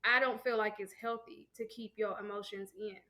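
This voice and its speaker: A woman's voice: medium pitch, fairly even intonation, normal speed, sharp tone. Earnest woman giving advice on a podcast. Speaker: podcast co-host. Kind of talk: casual chat.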